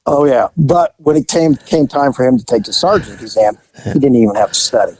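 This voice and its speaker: A man's voice: medium pitch, brisk, breathy edge, no room sound, rough recording. An older man and retired police officer, telling stories in a casual chat and acting out the people in them. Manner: animated storyteller who acts out quotes.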